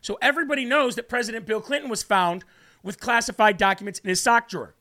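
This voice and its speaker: Fired-up guy ranting on his politics show, high voice, bright and sharp, hammering his points at viewers. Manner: combative, emphatic, addresses viewers directly; repeats points slowly for emphasis. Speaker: political commentary host. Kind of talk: political commentary monologue.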